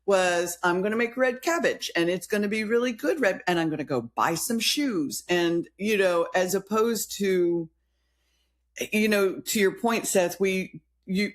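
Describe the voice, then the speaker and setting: Earnest woman with a lowish voice. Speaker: podcast co-host. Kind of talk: casual reflective chat.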